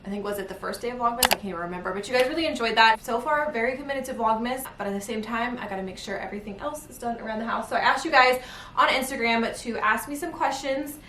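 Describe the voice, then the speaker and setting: A woman's voice: fairly high pitch, quick pace, sharp tone. A young woman talks casually to her viewers as she folds laundry at home, wandering from thought to thought and laughing between sentences. She sits back from the camera mic, so her voice carries a roomy echo, with a faint hum of the room behind her. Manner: chatty, rambling, laughs mid-sentence. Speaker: vlogger. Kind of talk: casual chat while folding laundry. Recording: roomy home recording from a distance.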